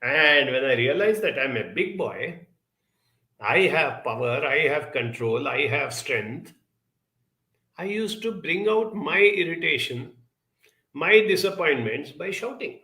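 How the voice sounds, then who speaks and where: A man giving a reflective self-help talk, telling a childhood story in an unhurried way and acting out the people he quotes. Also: fairly high pitch, rough recording. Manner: storytelling, quoting others in lively voices; unhurried, spoken as if to listeners.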